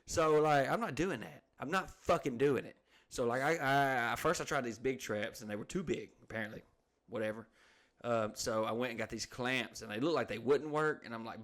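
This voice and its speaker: A man's voice: mid-range voice, fairly quick, a bit bright. A man co-hosting a podcast who tells crude, rambling stories, swears constantly and acts out the people in them. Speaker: podcast co-host. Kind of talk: crude casual storytelling.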